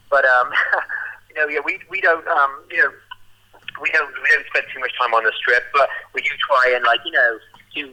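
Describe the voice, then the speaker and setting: A man's voice: medium pitch, pushed and bright, rough recording. A young man with a Birmingham accent, speaking in a rambling casual interview full of fillers. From Birmingham, England. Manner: rambling, full of "like" and "you know". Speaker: roller skating performer.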